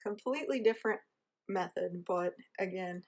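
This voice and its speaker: A woman's voice: mid-range voice, normal speed, a little mellow. A woman with a rural Southern American accent, giving a casual, chatty how-to lesson while she shapes dough with her hands. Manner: chatty, self-deprecating, talks while kneading dough. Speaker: home baker teaching.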